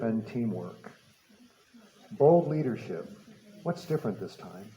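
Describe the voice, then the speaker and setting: A man's voice: medium pitch, warm tone, echoey room, muffled recording. A man giving a public talk, telling a personal story with repeated words and light laughter. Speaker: speaker. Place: talk venue.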